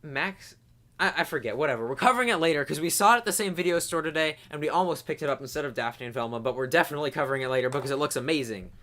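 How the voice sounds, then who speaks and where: A man co-hosting a casual movie review chat, giggly and animated, on a close mic. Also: a little high, rapid-fire. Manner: giggly, animated, interrupts often. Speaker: podcast co-host.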